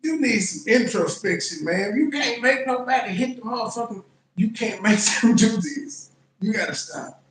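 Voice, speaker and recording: Male commentary host, high voice, mocking and blunt, echoey room. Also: moderate pace, fairly bright tone. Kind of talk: reaction commentary.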